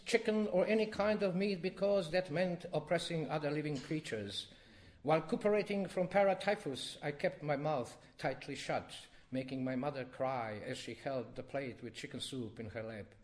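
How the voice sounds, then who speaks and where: Expressive man reading a poem aloud. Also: normal speed. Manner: expressive, wide swings in pitch and loudness. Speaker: poet reading his work. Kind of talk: poetry reading.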